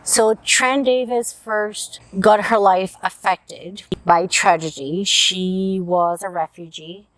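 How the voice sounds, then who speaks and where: Reviewing picture books to camera in a casual vlog, a woman speaks earnestly and shows her emotions openly, tearing up at moments. Her lowish voice has a fairly bright tone, and the recording has no echo.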